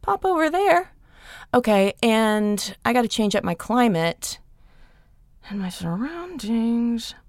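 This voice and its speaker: A woman's voice: fairly high pitch, very animated, slow, no room sound, studio quality. A woman from Georgia with a Southern accent, a podcast guest who talks in a musing, self-deprecating way. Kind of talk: casual interview chat.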